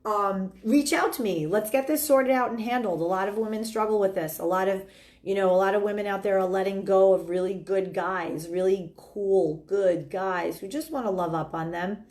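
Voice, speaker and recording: A woman's voice: mid-range voice, normal speed, darkish tone. A middle-aged woman giving dating advice in a casual, earnest monologue, talking with lots of likes and ums. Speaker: dating coach.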